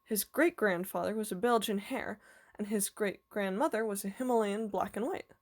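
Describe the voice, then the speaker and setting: A woman reading aloud voices a kindly, eccentric old male professor who explains things gently and patiently. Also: mid-range voice, moderate pace, lightly acted. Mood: warm, explaining.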